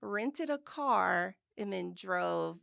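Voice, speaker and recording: Woman, thirties, podcast guest, gravelly voice, dry close sound, chatty and upbeat. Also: medium pitch, animated, drawn-out words, a bit bright, no echo. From United States. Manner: chatty, upbeat, with laughs and restarts. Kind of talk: casual chat.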